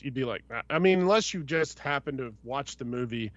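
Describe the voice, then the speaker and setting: A man's voice: on the high side, expressive, a little fast, hardly any pauses, fairly bright tone, dry recording. Podcast guy talking movies, emphatic, repeats himself, dry dull-sounding mic. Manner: emphatic, repeats himself while making a point. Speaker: podcast co-host. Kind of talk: casual chat.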